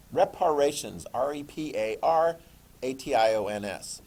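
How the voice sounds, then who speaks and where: A middle-aged man giving a classroom history lecture in a jokey, animated way, acting out quick voices. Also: medium pitch. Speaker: history teacher.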